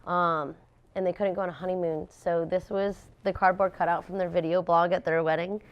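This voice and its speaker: A young woman, a pastry chef, telling stories in a casual interview, animated and laughing often as she acts out what people said. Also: lowish voice, fairly quick, lo-fi sound.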